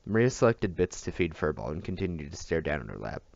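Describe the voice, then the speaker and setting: Brief: a male audiobook reader, low gravelly voice, dry and muffled recording. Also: big pitch swings, fast, a little mellow, no room sound. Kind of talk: reading a novel aloud.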